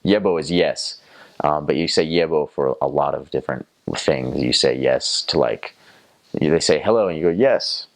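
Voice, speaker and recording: A man's voice: a bass voice, normal speed. A young man casually recounting the languages he learned, rambling with lots of fillers and sounding out foreign words as he goes. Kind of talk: casual storytelling to camera.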